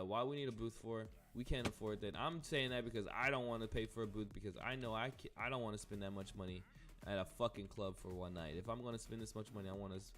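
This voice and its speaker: A young man casually telling a rambling, profane story while playing a game. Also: on the low side. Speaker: gaming streamer.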